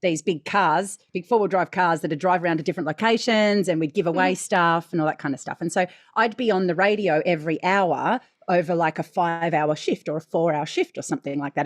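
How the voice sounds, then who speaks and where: An Australian woman with a naturally low, slightly husky voice talks in a candid, animated podcast chat. She swears now and then. The sound is dry and close, with no room around it. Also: a little fast, hardly any pauses, no room sound. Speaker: podcast co-host. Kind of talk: casual chat.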